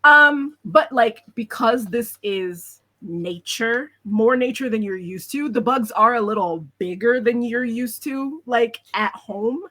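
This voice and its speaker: A woman's voice: a little high, takes it slowly, few pauses, pushed and bright. Lady game master talking through a forest scene, loose and chatty, lots of likes and ums. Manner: chatty, descriptive, many fillers. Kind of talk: narrating a tabletop game.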